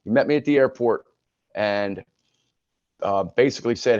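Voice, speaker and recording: A man's voice: medium pitch, normal speed, darkish tone, dry recording. Frank older man telling his story. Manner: frank, conversational, with many restarts. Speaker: podcast guest, retired sports broadcaster. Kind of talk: candid personal storytelling. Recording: dull lo-fi recording.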